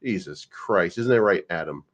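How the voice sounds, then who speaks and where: A man's voice: sits low, animated, normal speed. A man hosting a crypto livestream, rambling and joking with casual swearing. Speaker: crypto live-stream host.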